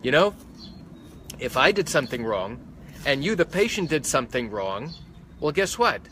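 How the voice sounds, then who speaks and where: A man's voice: mid-range voice, big pitch swings, normal speed, pushed and bright, slight background noise. A man playing an indignant, defensive doctor. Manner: protesting, blame-shifting. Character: indignant defensive male doctor being sued.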